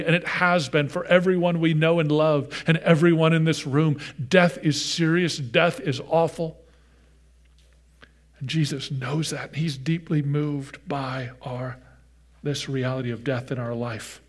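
A male pastor preaching a sermon with earnest feeling. He moves from loud emphasis to hushed, near-whispered softness and speaks straight to the children in the room. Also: fairly high pitch, steady tone, unhurried. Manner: addresses children in the congregation directly.

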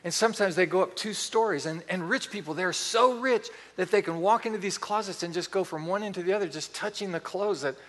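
A middle-aged man preaching a sermon, telling animated stories with acted-out quotes. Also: high voice, brisk, few pauses, long reverb tail. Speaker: pastor.

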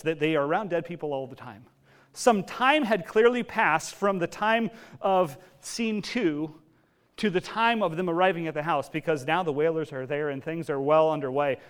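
A male pastor delivers a sermon in a lively storytelling manner, with casual asides along the way. His voice sits a little higher than most men's.

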